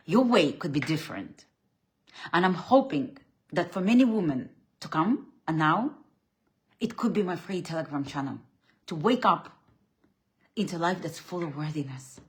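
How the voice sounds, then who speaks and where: A woman speaking as a spiritual coach, her voice sitting a little low for a woman. She delivers a blunt, preachy faith talk, swinging between loud, emphatic outbursts and quiet, dropped-down lines. She often restarts and repeats words mid-thought.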